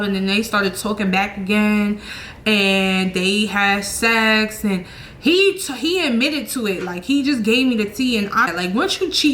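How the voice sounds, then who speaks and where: A young woman telling a storytime vlog, animated and blunt, swearing freely and acting out her own quoted lines. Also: medium pitch. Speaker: channel host. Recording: echoey room with faint noise.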